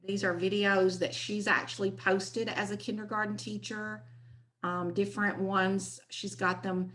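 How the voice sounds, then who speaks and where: A woman's voice: medium pitch, flat delivery, a little slow, fairly bright tone, rough recording. Woman presenting to teachers online, chatty, keen, talks about her slides as she goes.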